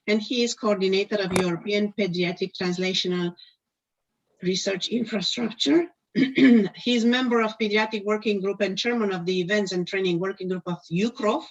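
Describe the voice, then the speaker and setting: A woman hosting an online conference session, introducing speakers haltingly with many fillers, her voice strained as if she is losing it. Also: medium pitch, steady tone. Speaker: conference host. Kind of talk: hesitant live introduction. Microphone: video call. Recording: dull lo-fi video call audio.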